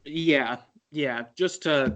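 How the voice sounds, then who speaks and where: A man's voice: on the high side, extremely slow, a bit bright, muffled recording. A man co-hosting a podcast, casually recapping a story game in a rambling way and laughing easily. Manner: rambling, many fillers and restarts, laughs easily. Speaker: podcast co-host.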